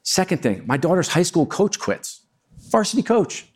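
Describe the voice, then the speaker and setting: A man's voice: high voice, very animated, moderate pace, husky. A middle-aged man giving a storytelling talk to a live audience, chatty and self-deprecating with plenty of asides. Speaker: keynote speaker.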